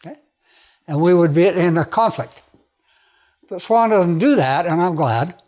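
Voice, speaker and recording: Casting: man with a fairly high voice, relaxed public-speaker lecture, keeps asking the audience "okay?", moving about a library event room. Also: measured pace. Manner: conversational, checks in with the audience with frequent "okay?"; moves around while talking. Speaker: speaker giving a public talk. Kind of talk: informal lecture.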